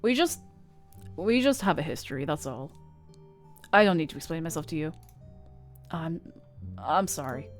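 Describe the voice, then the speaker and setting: A woman reading a grumpy young woman's lines in a game, curt and dismissive, a little lower than her own voice. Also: moderate pace, long pauses, soft background music. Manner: curt, dismissive, low and flat.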